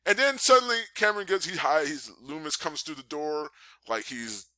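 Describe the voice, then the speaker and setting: A man casually recapping a wrestling show, animatedly acting out scenes with high yelps. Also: lively intonation, moderate pace, sharp tone, no room sound. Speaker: podcast host reviewing wrestling.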